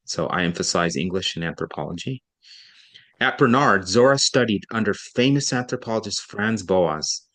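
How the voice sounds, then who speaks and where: A male reading tutor with a fairly low voice, reading a passage aloud in a measured, deliberate way. He leans on key words and slows down to show a student where the emphasis goes, then breaks off to coach. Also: animated, fairly bright tone.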